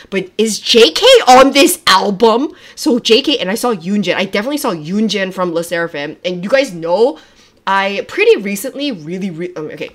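A young woman hosts a casual livestream from home, talking straight to her viewers. She gushes and gets excitable, with frequent swearing and many half-finished sentences she restarts. Her voice sits at an ordinary middle pitch for a woman. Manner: gushing, excitable, swears often, trails off and restarts. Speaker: livestreamer reacting to music videos.

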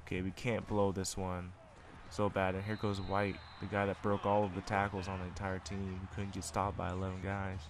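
Over a noisy background, a man with a low voice gives casual commentary on his own football video game at normal speed. He's excitable and narrates each play in sportscaster fashion.

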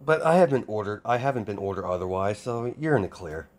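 A man voicing a kind, easygoing young soldier in an improvised fan story, speaking in a relaxed, reassuring way. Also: on the low side, quick pace, lightly acted.

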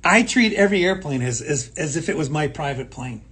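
A man with a high, husky voice co-hosts a talk show. He speaks emphatically in a motivational chat, driving home points by repeating them. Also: lively intonation, brisk, fairly bright tone. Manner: emphatic, repeats phrases, acts out quoted people. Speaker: co-host.

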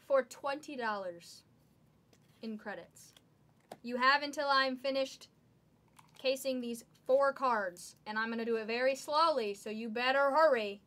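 Woman, card break host, bright tone, excitable, rattling off card names. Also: sits high. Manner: excitable, calls out cards rapidly. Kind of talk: live card-breaking stream.

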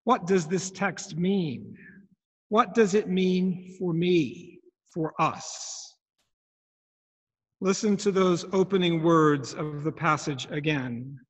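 Male preacher, unhurried, reflective questioning delivery; long reverb from the church. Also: sits high. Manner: reflective, asks many questions. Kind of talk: sermon.

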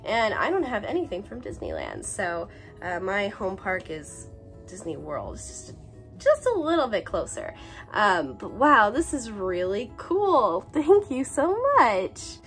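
Bubbly woman in her twenties, slightly sick, lively pitch, light music bed. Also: measured pace. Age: 20s. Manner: bubbly, gushing, breaks into brief song bits. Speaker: YouTuber unboxing a swap package. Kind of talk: casual unboxing chat.

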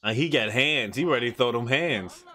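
Hosting an anime reaction channel, this man speaks at a medium pitch and moderate pace. His commentary is casual, slangy and excitable, broken up by frequent laughter.

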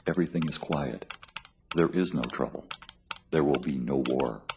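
A man voicing a weary painter, very deep. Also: moderate pace, noisy background. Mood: resigned. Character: weary male painter wiring his boss. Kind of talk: documentary narration.

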